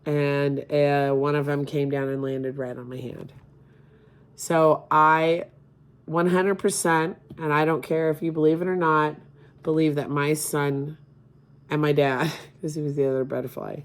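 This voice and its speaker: A middle-aged woman speaking as a grieving mother, emotional and halting, near tears at times. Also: sits low, level tone. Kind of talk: personal appeal to camera.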